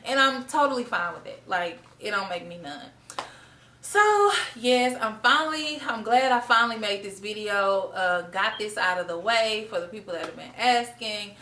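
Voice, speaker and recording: A woman's voice: mid-range voice, normal speed, hardly any pauses, bright, forceful tone, slight background noise, rough recording. A young woman vlogging to camera, a former teacher telling her story in a heartfelt, chatty way. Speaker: vlogger, former middle school art teacher. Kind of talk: casual talk to camera.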